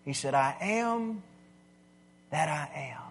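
A man preaching a sermon, swinging from quiet asides to loud, emphatic declarations. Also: fairly high pitch, lively intonation, slow pace, gravelly, husky. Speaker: pastor.

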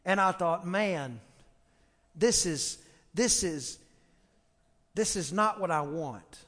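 A man preaching a storytelling sermon, animated, acting out the voices of others and shouting for emphasis. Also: sits high, takes it slowly, long reverb tail. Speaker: pastor. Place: church sanctuary.

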